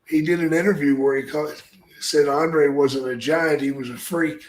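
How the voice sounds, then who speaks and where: A man's voice: fairly high pitch, fairly even intonation, normal speed, roomy sound, low-quality recording. Profane older man telling stories. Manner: profane, blunt storytelling. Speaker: podcast host, former wrestler. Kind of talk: casual storytelling.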